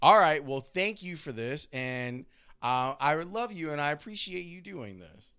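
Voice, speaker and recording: A man's voice: on the high side, expressive, measured pace, pushed and bright, clear, resonant tone. A middle-aged man hosting a podcast, interviewing his mother in an affectionate, teasing conversation. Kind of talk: casual interview.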